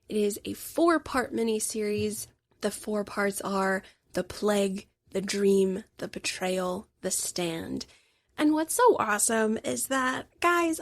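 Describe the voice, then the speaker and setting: A woman's voice: fairly high pitch, no room sound. Chatty woman podcast host, dry sound. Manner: chatty, addresses listeners as guys; enthusiastic, opinionated. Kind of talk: casual solo podcast review.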